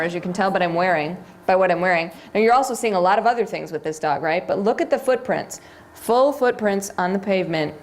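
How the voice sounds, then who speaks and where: With a fairly low-pitched voice and a little background noise audible, a woman teaches a live seminar, casually walking listeners through video clips and testing them with questions as she proceeds.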